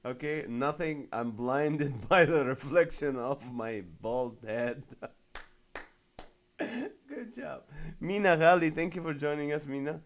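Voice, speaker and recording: A man's voice: fairly high pitch, takes it slowly. A male comedian hosting a casual live stream, reading viewer comments aloud and laughing often. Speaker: comedian host of a live show.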